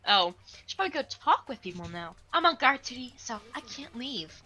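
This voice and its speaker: Composed female investigator, commanding, woman reading it; lively, bright. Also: high voice, brisk, soft background music, full character voice. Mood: stern. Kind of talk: amateur game voice reading.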